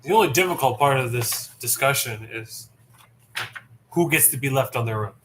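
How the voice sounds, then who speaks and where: A man's voice: mid-range voice, normal speed, a bit bright, a little hiss or hum. A man in his thirties, a player at a tabletop game, chatting casually and wandering into asides.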